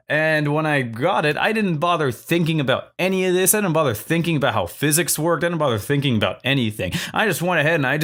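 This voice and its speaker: A man's voice: on the high side, fairly bright tone. Young man, from Virginia, storytelling vlogger, profane, self-mocking, casual.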